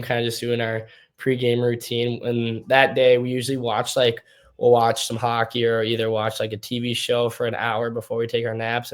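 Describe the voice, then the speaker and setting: A young man from Minnesota, a hockey prospect, answering interview questions in a relaxed, loose storytelling way. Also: medium pitch, smooth. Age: young adult.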